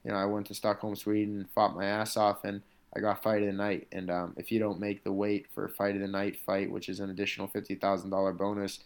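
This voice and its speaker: A man's voice: fairly low pitch, completely flat delivery, quick pace, hardly any pauses. A man, a professional fighter, telling stories from his career in a loose, rambling way, full of "like" and "you know". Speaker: MMA fighter, interview guest. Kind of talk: casual storytelling in conversation.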